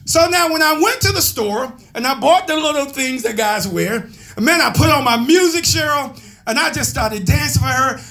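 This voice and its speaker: A man pastor telling a story in a sermon, animated and laughing as he calls out to his members. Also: extremely high pitch, moderate pace.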